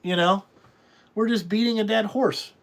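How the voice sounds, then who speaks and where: High-pitched guy running a trucking outfit, rambling and blunt, swears a lot. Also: moderate pace, a bit bright. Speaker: trucking company owner. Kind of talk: casual podcast talk.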